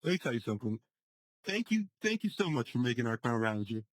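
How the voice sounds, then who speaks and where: A man commentating a card game match, excitable and quick to laugh. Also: no echo. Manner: excitable, jumps in pitch, laughs.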